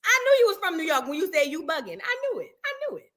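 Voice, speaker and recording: A woman from New Orleans with a New Orleans accent, hosting a reaction show in animated, chatty and profane talk with her viewers. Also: extremely high pitch, racing. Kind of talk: casual reaction chat.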